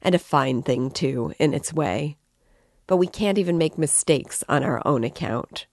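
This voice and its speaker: A woman reading the part of an excitable, tipsy young man who rambles and declaims with passion. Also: low-pitched, measured pace, no echo, heavily acted. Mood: impassioned. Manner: impassioned, rambling, emphatic.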